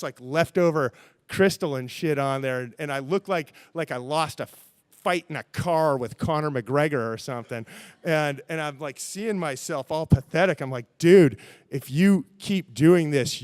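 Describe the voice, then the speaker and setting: A man telling a true-life story on stage in a rambling, animated way, full of fillers. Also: on the high side, normal speed, clear, resonant tone, no room sound.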